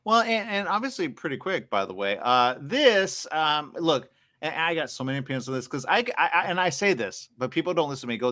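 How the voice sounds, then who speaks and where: A man hosting a live interview, rambling and excitable, acting out the conversations he has had. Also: medium pitch, fairly quick, few pauses, no echo, studio quality. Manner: rambling, excitable, acts out quoted exchanges.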